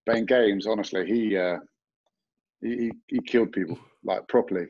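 Low-voiced man, slightly dull sound. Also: normal speed, a little mellow. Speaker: former rugby player guest. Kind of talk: casual chat.

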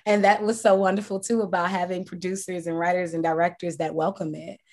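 A woman's voice: lowish voice, little pitch movement, brisk, a little mellow. A woman interviewed as an actress, talking casually and reflectively with frequent fillers. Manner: chatty, reflective, many fillers.

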